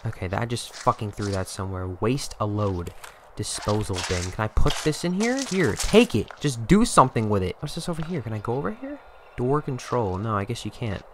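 A man's voice: medium pitch, big pitch swings, fairly quick, noisy background. A man giving profane, exasperated running commentary while playing a game, joking and scolding his character. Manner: jokey, talks to the game character. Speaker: gaming channel host. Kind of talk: gameplay commentary.

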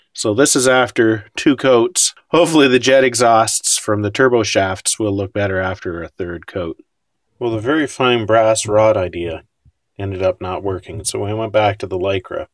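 A man's voice: lowish voice, no room sound, studio quality. A man casually talking through his scale model build, wry and self-deprecating about his mistakes.

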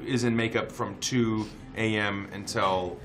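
A man's voice: on the low side, steady tone, unhurried. A man guesting on an interview, chatting in a playful, jokey way and laughing often. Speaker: actor guest. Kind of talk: casual press junket chat.

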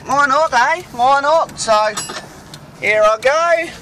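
A man's voice: extremely high pitch, slow pace, bright, forceful tone, slight background noise, full character voice, rough recording. A man playing a brash, slangy tradesman who rambles and grumbles at other drivers from inside his moving van. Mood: chatty. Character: brash, mouthy Aussie tradie bloke, grumbling. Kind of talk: comic character monologue while driving.

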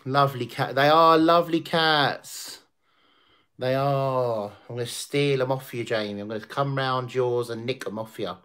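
A man's voice: medium pitch, normal speed, fairly bright tone, smooth. A man hosting a casual livestream, chatting to viewers, reading out their comments and laughing often. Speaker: livestream host. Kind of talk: casual chat to stream viewers.

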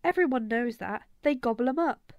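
A scrappy young boy, as a woman puts him on, high in pitch and full of rough slang. He talks fast and sure of himself. The recording is dry and close. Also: lively intonation, no room sound. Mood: excited.

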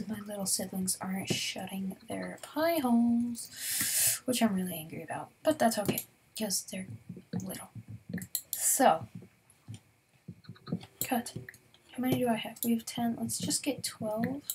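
A young woman giving casual let's-play commentary in a slightly high voice, chatting straight to her viewers. She often slips into a near whisper mid-sentence. A faint hiss sits under the voice. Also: unhurried, pauses often, darkish tone. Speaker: gaming YouTuber.

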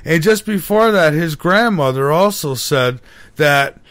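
A middle-aged man hosting a talk radio show, telling a story excitably with many restarts. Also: fairly high pitch, measured pace, no echo. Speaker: radio host. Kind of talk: casual talk radio chat.

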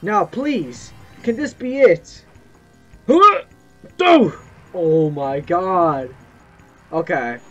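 Excitable young man yelling over gameplay. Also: fairly high pitch, takes it slowly. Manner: excitable, yelps and swears at the game. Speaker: gameplay streamer. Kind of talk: gameplay commentary. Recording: muffled lo-fi mic with game music.

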